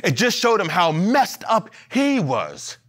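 A man preaching a sermon as pastor in a church, animated, with playful asides and acted-out quotes. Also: sits high, unhurried, faint music behind. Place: church sanctuary.

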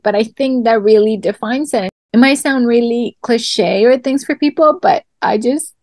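A woman with a fairly high voice speaks in a heartfelt, reflective way in an interview. The recording is close and dry, with no room sound. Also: moderate pace, hardly any pauses, darkish tone, dry recording. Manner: reflective, talks through garden analogies, becomes tearful. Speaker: guest artist. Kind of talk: interview answer.

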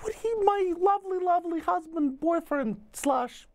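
A man's voice: moderate pace, slight background noise. Man putting on a sugary doting sweetheart. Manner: high sugary falsetto. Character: sweet doting female partner.

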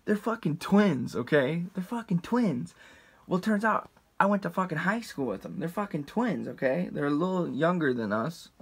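This man in his twenties is a storyteller vlogger with a husky voice, speaking at normal speed and very animated. His casual, rambling story is heavily profane and keeps restarting and wandering into asides. He performs the quoted voices with big jumps in pitch.

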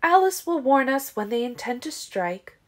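A woman's voice: sits high, very animated, moderate pace, pitched above the performer's own voice. A woman voicing a fierce, sarcastic female vampire leader in an audiobook reading. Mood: confident. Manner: sarcastic, forceful, laughing.

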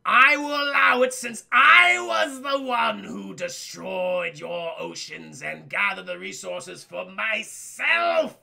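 A man voicing a booming, tyrannical male demon wizard who speaks in slow, drawn-out, commanding proclamations. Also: animated, vocal fry, bright, forceful tone, heavily acted. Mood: imperious.

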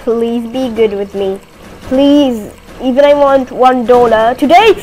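A woman giving playful gameplay commentary, giggly and easily panicked, bursting into shrill cries of no. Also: a little slow, slight background noise, poor audio. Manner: excitable, breaks into high panicked shrieks of "no"; giggly and playful between outbursts. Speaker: gaming video host.

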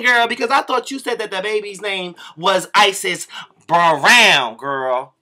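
Sassy, bright-voiced man ranting. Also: high voice, unhurried. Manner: sassy, profane, drawls "girl" at line ends. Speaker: vlogger doing a comic rant. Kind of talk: camp comedic gossip monologue.

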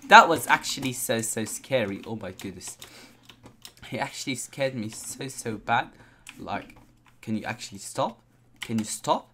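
A man giving excitable let's-play commentary on a video game, constantly exclaiming and talking to his viewers. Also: fairly low pitch, unhurried, pauses often, a little hiss or hum. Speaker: gameplay commentator.

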